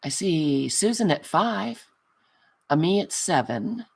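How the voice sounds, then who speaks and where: A woman's voice: lowish voice, big pitch swings, slow, gravelly, breathy edge. Woman host wrapping up a craft livestream: affectionate, self-mocking, chatting back to viewers. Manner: chatty, reads out and answers viewer comments; affectionate, calls viewers honey. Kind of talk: casual livestream chat.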